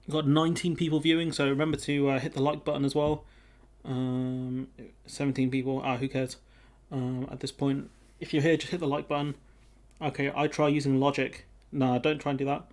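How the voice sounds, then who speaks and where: A man's voice: mid-range voice, little pitch movement, a little fast, darkish tone. A man hosting a casual live stream, chatting with viewers and reading their comments aloud. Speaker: livestream host.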